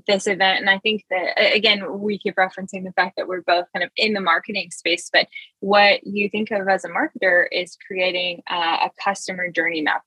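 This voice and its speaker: A woman's voice: on the low side, bright, forceful tone, breathy edge, no echo, low-quality recording. A woman guest in an interview, talking enthusiastically about her work with many fillers and restarts. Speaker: marketing executive, guest. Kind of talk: conversational interview.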